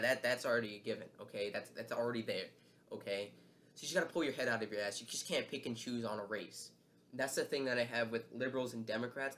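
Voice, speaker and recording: A man's voice: medium pitch, a bit bright, slight background noise. A man hosting a heated commentary video, angry and emotional, swearing often and repeating himself with fillers. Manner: repeats words and filler phrases.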